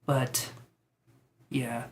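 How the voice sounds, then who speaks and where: A man giving psychic tarot readings on a live stream. He talks in a tentative, musing way, thinks out loud with many fillers, and reassures his viewers. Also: extremely slow, a little hiss or hum. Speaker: tarot reader.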